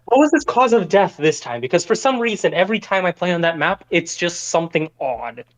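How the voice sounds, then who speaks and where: A man's voice: sits high, big pitch swings, brisk. A man chatting and joking while playing a team game, short on sleep. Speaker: player. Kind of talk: casual game chat.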